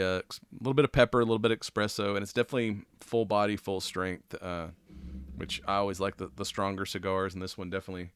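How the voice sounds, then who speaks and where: A man hosting a casual podcast, hoarse and raspy after a weekend of cigars and whiskey, talking in a laid-back, rambling way with easy laughs. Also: low-pitched, a bit bright, no room sound, clean studio sound. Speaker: podcast host.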